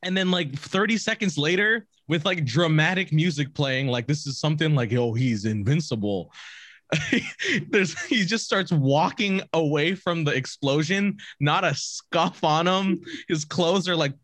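A man's voice: a little high, moderate pace, few pauses, no echo. A young man chatting casually on a podcast, telling stories with lots of swearing and laughter. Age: young adult. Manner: animated storyteller, swears often, laughs a lot. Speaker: podcast co-host, streamer. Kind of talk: casual chat.

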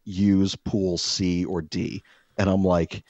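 A man telling a rambling, profane story in casual podcast chat, exasperated and animated. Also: sits low, slow pace, no room sound, highs cut off.

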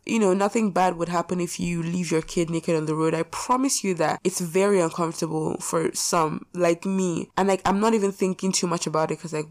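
A woman's voice: fairly low pitch, darkish tone. Blunt, exasperated young woman ranting. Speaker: podcast host. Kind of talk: casual rant.

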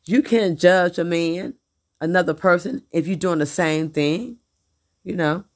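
A woman's voice: lowish voice, unhurried. A middle-aged woman venting in a blunt, profane, repetitive monologue about her husband. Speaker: vlogger.

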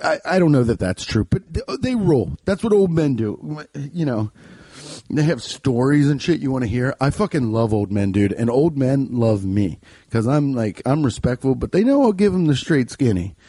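A man's voice: mid-range voice, expressive, moderate pace, mellow, husky, no room sound. A young man telling a comic story in a loose, rambling, profane way. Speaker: comedian.

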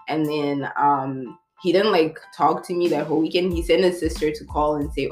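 A woman's voice: sits low, fairly even intonation, moderate pace, a little mellow, soft background music. A woman telling a personal story in a candid, rambling way, full of "like". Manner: rambling, heavy use of "like", emotional but laughing at times.

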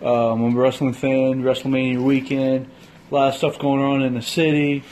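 A man hosting a casual podcast chat, swearing freely and retelling things with animated voices. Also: medium pitch, normal speed, a little hiss or hum, poor audio. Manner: profane, animated storyteller. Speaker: podcast host.

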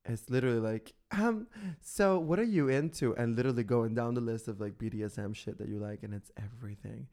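A man's voice: lowish voice, fast. A man with an Irish accent, a podcast co-host telling stories in casual chat and acting out the dialogue. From Ireland. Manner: animated gossipy storytelling, acting out dialogue.

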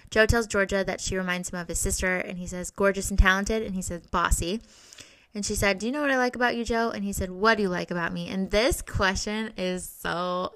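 Chatty low gravelly woman. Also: fairly bright tone, no echo, low-quality recording. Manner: chatty, filler-heavy, gushing. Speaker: podcast host recapping a TV series. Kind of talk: casual recap chat.

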